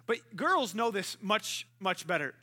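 A man's voice: high-pitched, sing-song, unhurried, sharp tone. A man preaching a sermon as a pastor, telling stories animatedly and acting out conversations in other people's voices.

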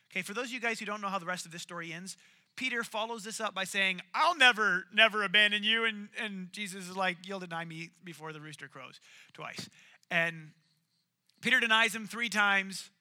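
High, piercingly bright male preacher. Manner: storytelling, acts out quoted lines. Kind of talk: casual sermon.

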